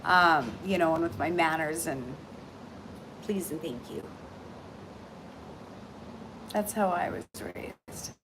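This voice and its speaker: A woman's voice: low voice, slow, long pauses, noisy background. Chatty Canadian woman livestreaming. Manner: chatty and heartfelt, many ums and restarts. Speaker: intuitive reader and shop owner. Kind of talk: casual livestream chat. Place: aboard a cruise ship. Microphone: phone livestream.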